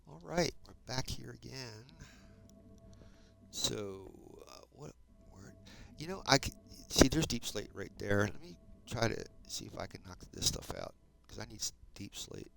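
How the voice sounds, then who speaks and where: A man's voice: mid-range voice, animated, a little slow, creaky, fairly bright tone. A man in his fifties from South Jersey, with a South Jersey accent, chatting casually to viewers while playing a game, often adding dude and man. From South Jersey, USA. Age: 50s. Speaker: Minecraft streamer. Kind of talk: casual live-stream gameplay chat.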